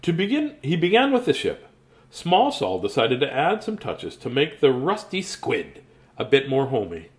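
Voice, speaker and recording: Lively, chatty man reading a storybook aloud. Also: mid-range voice, normal speed. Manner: chatty, laughs often, breaks off into asides. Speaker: children's book reader.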